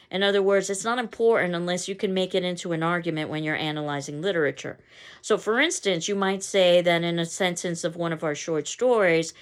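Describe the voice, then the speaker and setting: A woman teacher giving a recorded lecture on poetry, explaining in a conversational way. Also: fairly low pitch. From not from the local area. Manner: explanatory, conversational, reads poem aloud in stressed beats.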